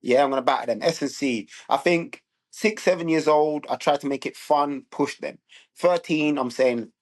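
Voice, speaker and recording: A man talks in a casual podcast chat with a blunt, emphatic delivery. His voice sits a little high for a man. He keeps turning to his listeners to check they are following him. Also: moderate pace. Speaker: guest, former pro footballer and youth strength coach.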